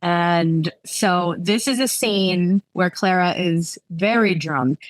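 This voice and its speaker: A woman author with a fairly low voice, chatting candidly and reading from her own novel. She is self-deprecating and laughs easily, and the sound is dry and close with no room echo. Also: slow. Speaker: romance author.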